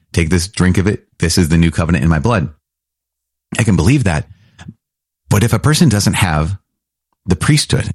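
A man's voice: sits low, slightly rough, no echo. Man, priest, catechism talk, enthusiastic, stumbling restarts, dry close sound. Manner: enthusiastic, conversational, frequent restarts. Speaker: Catholic priest.

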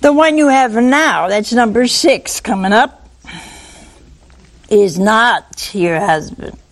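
A woman's voice: fairly high pitch, slow pace. A woman preaching, quoting a patient, firm male teacher in her own voice. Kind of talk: acted quote in a sermon.

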